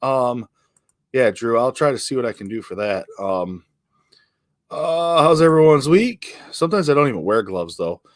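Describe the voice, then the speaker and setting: A man's voice: medium pitch, normal speed, no room sound, studio quality. A man hosting a casual livestream, greeting viewers by name and rambling with lots of ums and uhs. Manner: relaxed, rambling, many fillers and restarts. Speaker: livestream host. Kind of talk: casual live chat reading comments.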